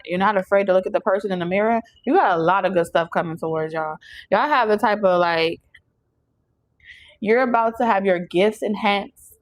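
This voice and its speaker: A woman giving a loose, chatty tarot reading straight to camera. She preaches and jokes in an animated way, laughing often as she speaks to her viewers. Her voice sits at a middle pitch. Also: poor audio. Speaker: tarot reader. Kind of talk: casual channeled tarot reading.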